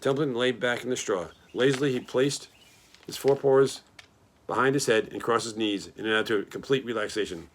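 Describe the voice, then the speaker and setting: A man reading a children's novel aloud in a plain, steady storytelling manner. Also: mid-range voice, a little fast. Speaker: reader.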